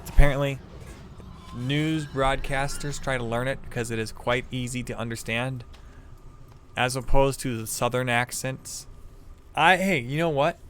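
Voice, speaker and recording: A man's voice: mid-range voice, moderate pace, a bit bright, a little hiss or hum. A man with a Midwestern American accent, chatting casually with viewers while streaming a game, rambling and swearing freely. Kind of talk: casual live-stream chat.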